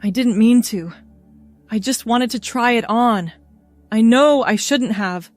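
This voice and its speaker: A woman's voice: fairly high pitch, a little slow, dry recording, faint music behind, close to an everyday voice. A woman voicing a tearful, scared young man. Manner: choked, hesitant.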